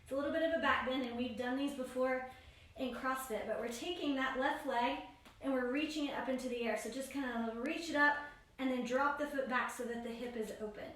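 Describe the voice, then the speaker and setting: A woman leads a yoga class with a bright, high voice, calling out each pose and breath in a steady rhythm. She sits well back from the microphone. Her voice rings through a strongly echoing room. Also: brisk. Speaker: yoga instructor. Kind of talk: guided yoga class instruction. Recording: very echoey room, voice far from mic.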